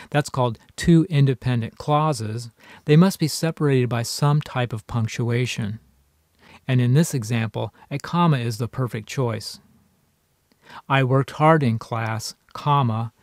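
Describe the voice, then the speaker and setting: A man, a college writing instructor, giving a recorded online lecture and reading example sentences slowly and deliberately. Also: mid-range voice, a little mellow, no room sound, studio quality.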